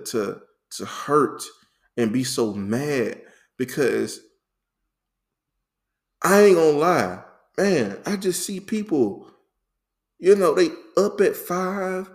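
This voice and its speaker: A man co-hosting a faith talk, telling his story in a lively, repetitive, conversational way full of slang. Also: on the high side. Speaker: faith podcast co-host.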